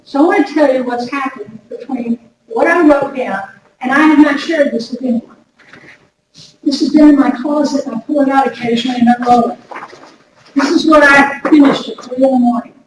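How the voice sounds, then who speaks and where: A woman's voice: sits high, a little fast. Chatty woman speaker in an echoey hall. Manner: chatty, repeats words, addresses audience directly. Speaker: workshop speaker. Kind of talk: lively workplace wellness talk. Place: large room before an audience. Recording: echoey hall recorded from far off with noise.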